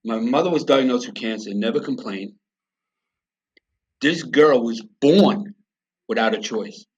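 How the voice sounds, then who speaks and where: A middle-aged man tells his own story to an interviewer, blunt and salted with swearing. His voice sits at an ordinary pitch and carries plain emotion. The recording sounds slightly dull and lo-fi. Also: unhurried, slightly rough. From United States. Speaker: podcast guest.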